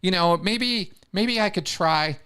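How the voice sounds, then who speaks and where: A bored dead thief pleads hesitantly in a slightly raised, bright, clear voice, as a man acts him out. He wheedles and stalls, one "maybe" after another. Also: high-pitched, takes it slowly, pitched above the performer's own voice, heavily acted. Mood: wheedling.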